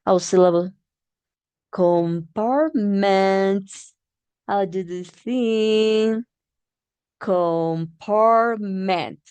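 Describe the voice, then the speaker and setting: A woman teacher giving a demo phonics lesson, patiently repeating words slowly and clearly and encouraging her learners. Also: on the low side, darkish tone, no echo.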